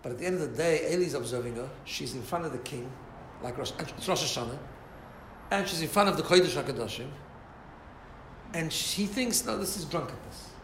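A man's voice: fairly high pitch, fairly quick. A man, rising and falling as he asks his listeners rhetorical questions. The echoey room has a faint hum of ambience behind him. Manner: animated, mixes Hebrew and Yiddish terms, asks listeners rhetorical questions. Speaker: rabbi teaching a class. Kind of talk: informal Torah class. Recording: roomy echo, faint ambience.

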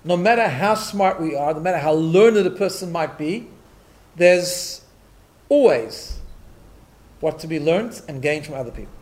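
A man's voice: on the high side, expressive, a little slow, a little mellow. A middle-aged man teaching a Torah class in a conversational style, telling stories and dropping Yiddish and Hebrew terms, often checking in with "right?".

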